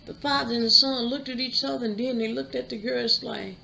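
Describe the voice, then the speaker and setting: A woman's voice: fairly high pitch, vocal fry, pushed and bright, a little hiss or hum, rough recording. A woman hosting her channel, chattily retelling a movie plot with asides. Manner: chatty, drawn-out storytelling with asides. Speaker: YouTube channel host.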